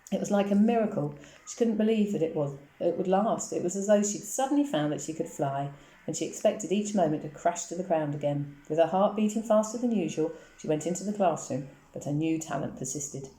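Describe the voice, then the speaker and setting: In an echoey room, a woman with a low, mellow voice reads from a novel. Her storytelling is quick and steady.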